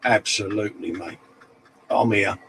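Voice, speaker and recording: A man's voice: lowish voice, unhurried, gravelly, a bit bright, slight background noise, low-quality recording. A middle-aged man, hosting a casual live stream and reading out viewer comments in matey banter. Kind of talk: casual chat.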